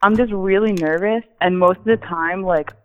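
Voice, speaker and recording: A man's voice: high-pitched, steady tone, moderate pace, muffled recording. A young man venting casually to friends, rambling and self-deprecating. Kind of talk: casual chat.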